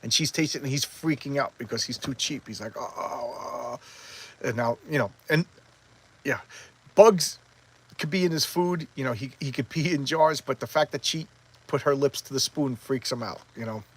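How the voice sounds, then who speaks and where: A man casually reviewing a comic book, talking quickly and excitably with many restarts as he retells the story. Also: medium pitch, husky, rough recording.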